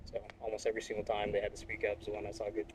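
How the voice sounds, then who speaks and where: A man's voice: fairly low pitch, completely flat delivery, rapid-fire, slight background noise, rough recording. A young man, a Marine reservist, talking bluntly and profanely in a casual interview.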